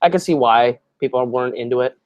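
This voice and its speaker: A man joining as guest on a casual movie review, talking in an easygoing way with drawn-out filler words. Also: mid-range voice, dry recording.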